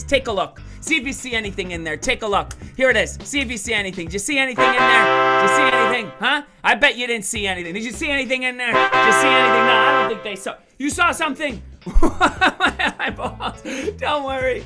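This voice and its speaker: A man performing a playful, animated magic show for schoolchildren over a video call, teasing and cheering the kids on. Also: extremely high pitch. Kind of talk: virtual kids' magic show.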